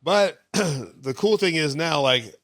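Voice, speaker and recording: A man, a stand-up comedian guest, telling stories in a casual, profane, animated way. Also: a little high, slow, no room sound, clean studio sound. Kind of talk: casual storytelling.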